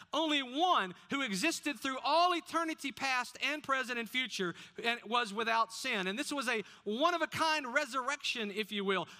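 Bright-voiced male pastor preaching. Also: high voice. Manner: asks the congregation questions. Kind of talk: sermon.

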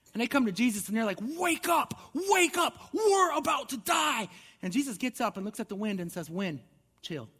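A pastor with a high-sitting voice gives an earnest, conversational sermon, often restarting his words. A long reverb tail trails his speech.

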